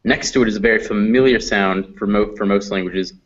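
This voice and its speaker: An American man teaching phonetics in a classroom lecture, slowly drawing out example sounds. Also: on the low side, steady tone, a little hiss or hum. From United States. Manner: slow, drawn-out demonstration of sounds. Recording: dull lo-fi classroom recording.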